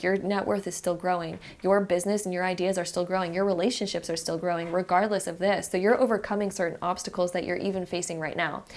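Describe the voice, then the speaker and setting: A young woman giving a pick-a-card tarot reading in a chatty, encouraging way, speaking straight to the viewer. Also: on the low side. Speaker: tarot reader.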